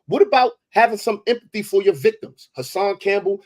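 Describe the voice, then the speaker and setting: A man's voice: high voice, animated, a little fast, few pauses, husky. A man, debating in a heated, confrontational way and repeating himself for emphasis.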